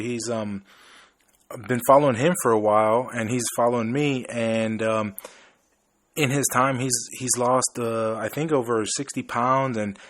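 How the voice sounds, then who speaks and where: A man's voice: medium pitch, no echo, studio quality. A man from Chicago hosting a podcast, talking in an easygoing, rambling way and telling stories casually. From Chicago, USA. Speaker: podcast host.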